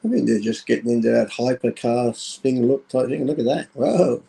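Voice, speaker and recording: A man's voice: mid-range voice, moderate pace, vocal fry, dark tone. A man with an Australian accent co-hosting a casual chat, laid-back and casually swearing. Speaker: co-host.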